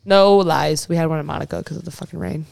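A woman's voice: sits low, steady tone, quick pace, vocal fry, darkish tone. A young woman co-hosting a casual sports podcast, chatting loosely, giggling often and swearing freely. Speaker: podcast co-host. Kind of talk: casual chat.

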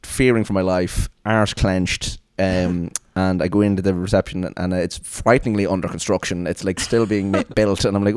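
A man hosting a podcast, telling a long anecdote in casual chat, animated and quick, slipping into put-on voices for the people he quotes. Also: deep voice, smooth, no room sound, clean studio sound. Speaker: podcast host.

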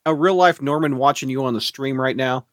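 A man hosting a casual video-call show, excitable and quick to laugh and cut in. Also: mid-range voice, dry recording, clean studio sound. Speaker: podcast host. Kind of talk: casual chat.

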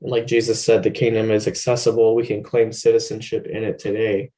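A man co-hosting a casual faith podcast, speaking in a relaxed, conversational way with an easy humor. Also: lowish voice, fairly quick, poor audio. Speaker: podcast co-host.

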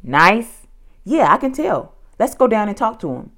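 A woman's voice: mid-range voice, very animated, measured pace, voice pushed up. A woman reading a children's audiobook, voicing a cautious, skeptical young boy in a doubtful, fretful tone. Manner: doubtful, fretful, sometimes shouting.

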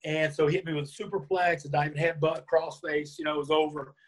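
A man being interviewed, telling a lively anecdote and acting out the lines of the people in it. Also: on the high side, fast. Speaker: interview guest. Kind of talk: storytelling in a conversation.

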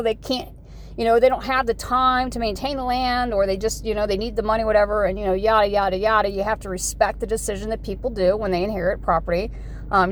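A woman in her forties from the United States, talking in a rambling, folksy vlog monologue full of "you know" asides. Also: on the high side. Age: 40s. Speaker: vlogger.

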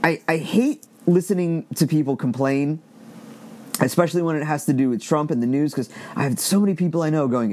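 A man's voice: on the high side, brisk, darkish tone. A man in casual commentary, reading quoted text aloud and adding blunt, exasperated asides with free swearing. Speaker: commentator reading an online thread.

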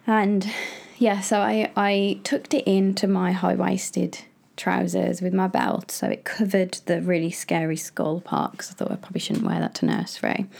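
Young woman, gravelly, lowish voice, chatty storyteller who laughs a lot; podcast co-host. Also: steady tone, moderate pace, hardly any pauses, darkish tone. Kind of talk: casual chat.

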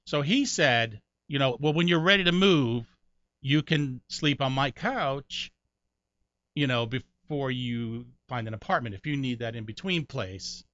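A middle-aged man with a bright, forceful voice tells stories as a comedian guest, lively and quick to mimic others. The sound is dry and a little muffled, with no room around it. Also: dry recording. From Connecticut, USA. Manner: animated storyteller, jumps high doing other people's voices. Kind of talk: storytelling interview.

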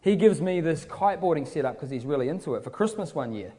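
A man's voice: a little high, animated, fast talker, mellow. A young man from New Zealand with a New Zealand accent, preaching a sermon with casual storytelling and joking asides. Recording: long hall reverb.

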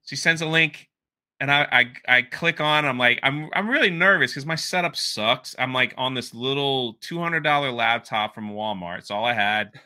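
A young man telling a story as a guest in a casual interview, animated and laughing, with plenty of filler words. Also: medium pitch, moderate pace.

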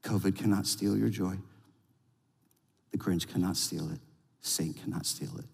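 A man's voice: low-pitched, moderate pace, creaky. Man preaching in a reverberant hall. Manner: storytelling with rising excitement, then hushed prayer. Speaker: pastor. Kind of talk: sermon. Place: church sanctuary. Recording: long reverb of a large hall.

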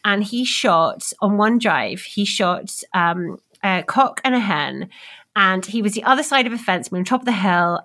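A woman guest in casual podcast chat, telling lively, excitable stories. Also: medium pitch. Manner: lively, excitable storytelling with laughter.

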